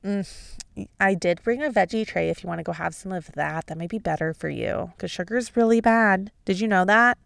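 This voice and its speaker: A woman's voice: mid-range voice, moderate pace, gravelly, a bit bright, no room sound. A woman doing a fussy, disapproving aunt. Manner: fussy, passive-aggressive. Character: nagging middle-aged aunt, disapproving.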